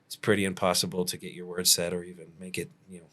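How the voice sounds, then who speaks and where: A man's voice: sits low, monotone, fast talker, bright, forceful tone. A male roofing contractor telling work stories in a casual podcast chat, laid-back, with frequent chuckles and fillers.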